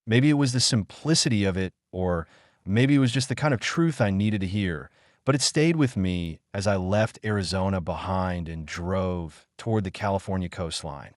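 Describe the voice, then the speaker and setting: A middle-aged man narrating a scripted first-person story in a measured, reflective way. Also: deep voice, animated, no echo, studio quality.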